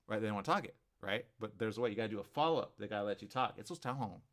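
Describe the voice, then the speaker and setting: A man's voice: lowish voice, racing. A man hosting a live talk show, rambling through a monologue and acting out both sides of imagined conversations, with "right?" after many points. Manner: animated, acts out both sides of imagined dialogues, asks "right?" often.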